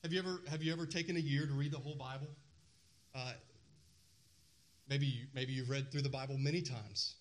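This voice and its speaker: A man's voice: medium pitch, steady tone, fairly quick, long pauses. A male pastor preaching a sermon, emphatic, repeating phrases and asking the congregation questions.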